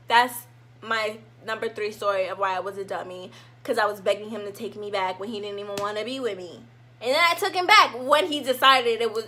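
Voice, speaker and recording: A young woman vlogger telling a casual storytime, animated, and acting out her own past lines dramatically. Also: mid-range voice, a little hiss or hum. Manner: animated, dramatic reenactments of herself.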